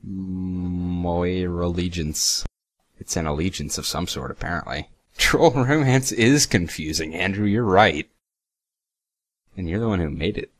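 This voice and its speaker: Sarcastic deep-voiced young man. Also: dry recording. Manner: sarcastic, swears freely, reads lines aloud haltingly. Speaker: reaction video host. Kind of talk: casual reaction commentary.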